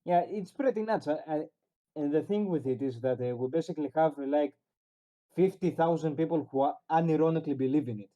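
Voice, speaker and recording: A man's voice: a little high, fairly quick, warm tone, highs cut off. A man in casual podcast chat, making wry remarks with hesitant fillers. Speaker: podcast co-host.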